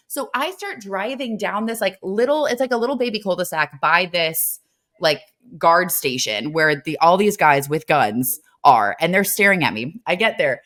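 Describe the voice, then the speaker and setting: A young woman co-hosting a podcast, telling a story in a casual, animated way with lots of fillers. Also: fairly low pitch, moderate pace. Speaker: podcast co-host.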